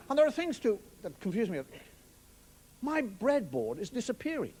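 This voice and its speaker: This Irish comic speaks at a normal pace but pauses often, his very high voice swinging widely in pitch as he muses wryly and swears offhandedly. It's a televised routine before a live studio audience, and their laughter and noise come through in the broadcast sound.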